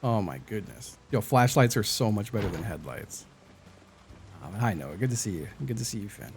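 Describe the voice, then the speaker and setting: Male streamer, low gravelly voice, chatty self-narration over faint game music. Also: animated, normal speed, a little mellow. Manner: chatty, narrates his own play and greets chat. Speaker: live streamer. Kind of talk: casual gameplay chat.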